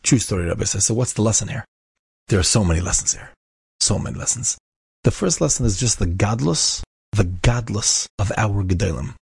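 Male storyteller, low gravelly voice, close dry mic, emphatic and repetitive. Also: fairly quick, no room sound. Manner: emphatic, repeats key phrases. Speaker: inspirational speaker. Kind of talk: inspirational storytelling talk.

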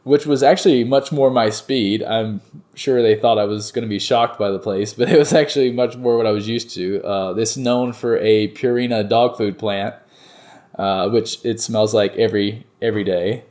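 A young man from North Carolina, a baseball player, telling stories in a relaxed interview, rambling with lots of fillers and restarts. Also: fairly low pitch, normal speed. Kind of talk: casual interview storytelling.

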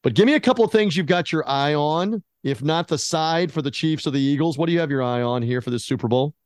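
A man's voice: a little high, fast, dry recording, studio quality. Laid-back jokey podcast host man. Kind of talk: casual podcast interview.

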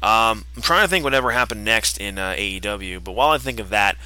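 A man's voice: lowish voice, animated, fast talker, sharp tone, clear, resonant tone, poor audio. A man chatting casually on a podcast, rambling through eager recaps with fillers. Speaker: podcast co-host.

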